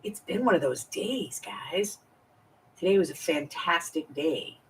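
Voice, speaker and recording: A woman in her fifties hosts a crafting live stream, chatting casually and confidingly as she works and greeting viewers by name. Her voice is on the low side, expressive and unhurried, sitting a bit far from the mic with slight background noise.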